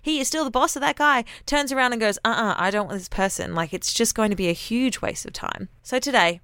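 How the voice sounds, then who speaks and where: A woman's voice: on the high side, fairly quick, few pauses, fairly bright tone, clear, resonant tone, dry recording, studio quality. An Australian woman and radio announcer telling a personal story in a chatty, candid monologue full of casual slang.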